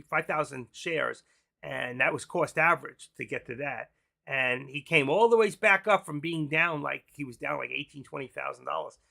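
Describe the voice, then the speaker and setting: A man's voice: mid-range voice, vocal fry, sharp tone. A man hosting a live stream, chatting casually in a rambling, jokey and brash way.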